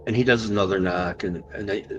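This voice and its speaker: A man as a podcast guest, recounting an encounter story animatedly and slowing down for the tense moments. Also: fairly low pitch, highs cut off, noisy background.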